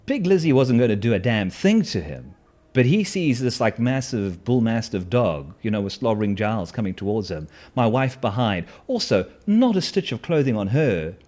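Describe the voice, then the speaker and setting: A man's voice: medium pitch, sing-song, moderate pace, darkish tone. A man telling a personal story in a casual, wry, self-mocking way, with lots of fillers and restarts.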